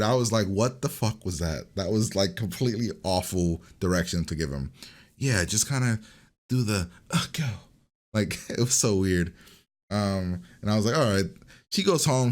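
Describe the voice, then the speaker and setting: A man casually recapping a TV episode in a rambling, chatty way, with lots of fillers and restarts. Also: lowish voice. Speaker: reaction video host.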